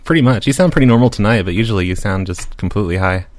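Male call-in host, lowish voice, dry deadpan teasing delivery. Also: very fast. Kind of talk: casual call-in chat.

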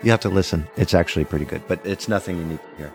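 A man's voice: sits low, rapid-fire, a little mellow, soft background music. A man hosting a podcast, chatting casually and teasing his co-hosts with jokes. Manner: teasing, joking banter. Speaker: podcast host. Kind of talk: casual chat.

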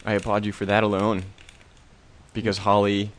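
Low-voiced amused man chatting. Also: monotone, normal speed. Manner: amused, laughing. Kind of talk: casual chat.

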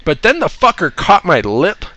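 A man's voice: high voice, huge pitch swings, normal speed, pushed and bright, no echo. A man casually telling a story, swearing a lot and laughing between lines.

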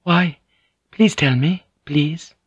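A man reading an audiobook, voicing a gracious young Japanese noblewoman who speaks calmly in formal, measured phrases. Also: on the high side, husky, no room sound, dull audio, pitched above the performer's own voice. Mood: calm, gentle.

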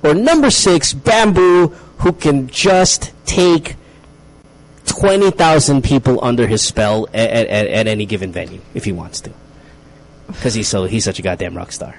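A man with a Filipino accent hosting a radio show, teasing and excitable, mixing English with Tagalog. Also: medium pitch, moderate pace, slight background noise, low-quality recording. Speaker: radio host. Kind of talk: playful radio banter.

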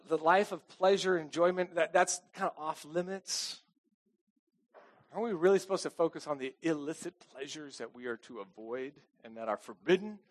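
A man's voice: high-pitched, a bit bright. A middle-aged man preaching a casual, conversational sermon, chatty and self-deprecating, often asking the congregation "okay?". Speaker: pastor.

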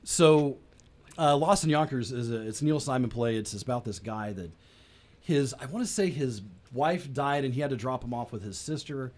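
A man's voice: medium pitch, animated, normal speed, darkish tone. A man hosting a local radio talk show, chatting casually and encouragingly with guests and laughing often. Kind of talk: casual interview chat.

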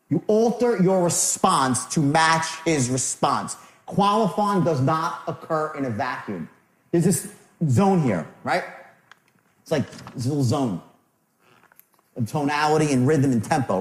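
Man, sales trainer, live seminar, lively swinging pitch, echoey room. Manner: acts out customer and salesman lines, shifting tone.

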